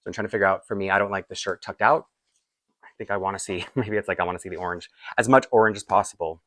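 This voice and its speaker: A man's voice: low-pitched, steady tone, rapid-fire, a bit bright, no echo. A man with a Canadian accent chatting casually through a doll unboxing, rambling with frequent little laughs. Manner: rambling, chatty, laughs often between asides. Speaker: doll collector vlogger.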